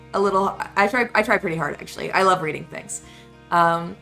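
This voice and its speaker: A young woman chats casually while streaming a game, rambling with plenty of fillers. Her voice is bright, with a strong gravelly fry. Faint music plays behind her. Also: fairly low pitch, brisk. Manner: chatty, rambling, lots of fillers. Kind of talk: casual live-stream chat.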